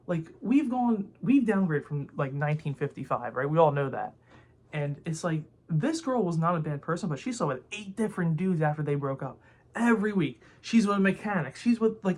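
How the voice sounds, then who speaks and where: A man's voice: fairly high pitch, lively intonation, fairly quick, darkish tone. A young man ranting to camera in a rambling, heated way, full of filler words and swearing. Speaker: vlogger. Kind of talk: casual opinion rant to camera.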